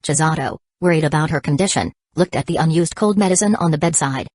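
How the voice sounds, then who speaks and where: A woman narrating an audiobook in an even, measured reading. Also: sits low, no echo. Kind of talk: scripted narration.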